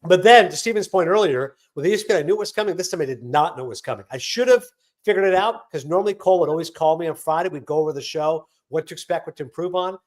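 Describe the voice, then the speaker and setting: Man, sports broadcaster, interview guest, rapid animated storytelling, slightly high voice. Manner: rapid, animated anecdotes with acted-out quotes.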